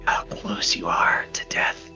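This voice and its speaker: A man's voice: slow pace, dull audio, faint music behind. A man whispering as a taunting shadow creature, whispered role-play. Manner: hushed, taunting.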